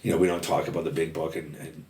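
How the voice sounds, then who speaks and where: A man's voice: rumbling low, little pitch movement, fast talker, a little mellow, far from the mic. A man guesting on a podcast, talking candidly in a casual conversation and swearing freely. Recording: roomy sound, a little off-mic, faint noise.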